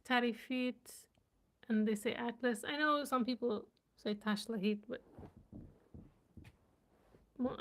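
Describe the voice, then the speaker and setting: A woman with a fairly high voice speaks slowly and casually, stopping to sound out unfamiliar words piece by piece. She is curious and laughs at her own attempts as she chats to her viewers. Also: gravelly. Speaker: language vlogger. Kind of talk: casual live reading and chat.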